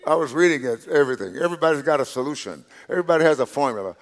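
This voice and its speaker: A male pastor preaching a sermon in a conversational way, repeating and restarting words, dropping to quiet asides and rising on key points. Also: a little high, expressive, very fast. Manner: drops to quiet asides, rises on emphasis.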